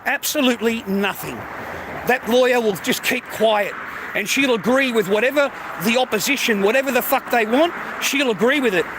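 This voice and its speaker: A man's voice: very high voice, moderate pace, background noise. A man with an Australian accent ranting in a casual, heated, profanity-filled monologue. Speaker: streamer.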